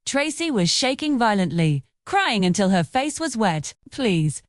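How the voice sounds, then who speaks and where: A woman narrates a folktale in a dramatic, vivid style. Her voice sits a little high and moves lively up and down. The recording is dry and close. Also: moderate pace, dry recording. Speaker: storyteller.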